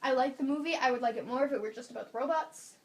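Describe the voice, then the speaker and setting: Young woman podcast co-host, fairly high voice, animated and opinionated, casual chat. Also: racing. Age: young adult.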